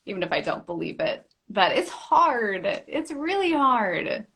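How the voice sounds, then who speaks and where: A young woman, an actress and comedian, chatting as a guest in a live interview, animated and playing out little quoted voices as she laughs. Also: a little high, a little slow, breathy edge. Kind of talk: lively live interview chat.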